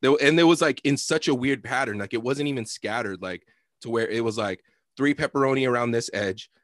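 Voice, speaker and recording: Young man telling a profane, animated story. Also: mid-range voice, fairly quick, dry recording, clean studio sound. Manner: animated, profane, lots of fillers and laughter. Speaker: podcast co-host. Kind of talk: casual storytelling chat.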